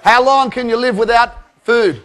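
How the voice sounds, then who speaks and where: A man giving a live keynote to an audience, guiding them through a breathing exercise with lively coaxing and counted breaths, a bit out of breath. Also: very high-pitched, normal speed, a faint crowd. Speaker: keynote speaker.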